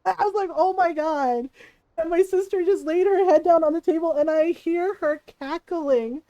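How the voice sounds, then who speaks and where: High-voiced, animated woman streamer. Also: normal speed, no room sound, muffled recording. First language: Tagalog. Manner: animated, laughs often, swears freely. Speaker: livestream host. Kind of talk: casual storytelling on a livestream.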